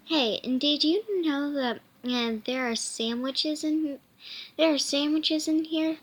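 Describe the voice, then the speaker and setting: Jumpy boy camper from a storybook read by a woman, high and halting. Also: steady tone. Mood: nervous. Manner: halting, restarting read-aloud. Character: nervous hungry boy camper.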